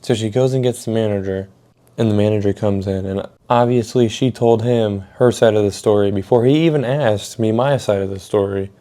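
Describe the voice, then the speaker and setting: With a dark, lowish voice at normal speed, a young vlogger rambles through a casual story. He swears a lot and fills his speech with filler words.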